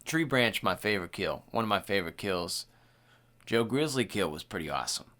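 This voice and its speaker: A man's voice: fairly low pitch, brisk. A young man co-hosting a podcast, talking casually and profanely, acting out quotes. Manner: animated, profane, acts out quoted lines. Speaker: podcast co-host. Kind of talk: casual chat.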